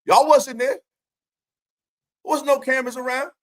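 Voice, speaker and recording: A man's voice: extremely high pitch, fairly even intonation, normal speed, a bit bright. A man hosting his own stream, delivering a profane, confrontational rant full of taunting rhetorical questions. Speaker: streamer host.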